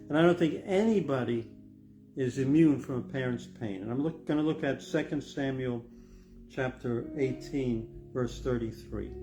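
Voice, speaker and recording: An older man, a pastor, preaching a sermon in an earnest, reflective way that builds to emphatic stress. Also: medium pitch. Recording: music playing behind the voice. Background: guitar music.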